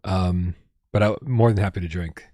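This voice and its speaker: A man's voice: low voice, normal speed, mellow, no echo, clean studio sound. A man hosting a casual gaming livestream at home, rambling and reading out viewer tips with lots of restarts. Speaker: livestream host.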